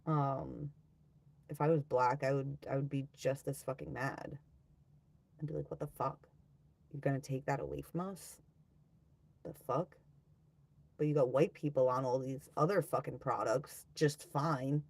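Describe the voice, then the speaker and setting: A woman's voice: very deep voice, steady tone, unhurried, gravelly, long pauses, darkish tone, slightly rough. A young woman chatting casually on a livestream, blunt and profane as she rants and reads comments. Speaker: livestream host.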